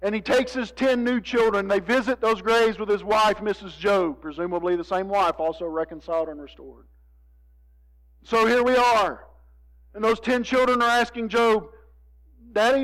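A man preaching a sermon, moving between hushed, drawn-out lines and emphatic appeals to his congregation. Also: sits high, poor audio. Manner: dramatic, swings from hushed to emphatic, addresses congregation. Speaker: pastor.

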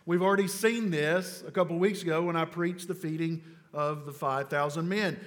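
A man preaching a sermon, who swings between loud, urgent declarations and low, slow, quiet emphasis, and drops casual asides into his scripture teaching. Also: steady tone, in a large hall. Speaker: pastor.

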